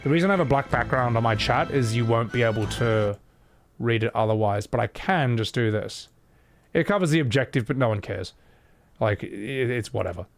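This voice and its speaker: A man's voice: medium pitch, normal speed. A young man giving chatty, swearing let's-play commentary while talking to his chat. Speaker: streamer. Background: game music.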